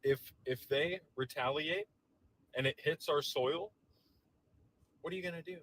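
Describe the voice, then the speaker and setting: A man's voice: fairly high pitch, measured pace, fairly bright tone, poor audio. A man delivering a heated, profane and sarcastic political rant to camera, visibly agitated. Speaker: political commentator.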